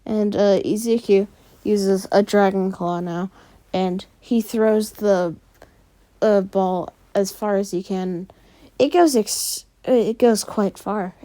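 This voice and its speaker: Slow, mellow woman telling a fan story. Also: medium pitch. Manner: casual, frequent fillers. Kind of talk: casual fan story narration.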